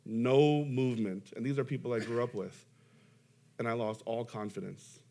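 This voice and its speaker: Young man, pastor, sermon, animated storytelling, self-deprecating humor, emphatic rises. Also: mid-range voice, normal speed.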